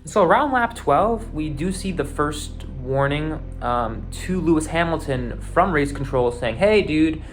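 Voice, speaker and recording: A man's voice: on the high side, expressive, measured pace, few pauses, faint music behind. A man hosting a show, giving a loose, unscripted recap of a car race, with lots of fillers and restarts. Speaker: podcast host recapping a race.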